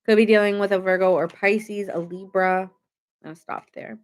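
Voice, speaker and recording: A woman's voice: mid-range voice, fairly even intonation, moderate pace, darkish tone, clear, resonant tone. A woman giving a casual live-stream tarot reading, chatty and rambling, thanking viewers as she goes. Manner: chatty, rambling, reads chat aloud. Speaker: tarot reader.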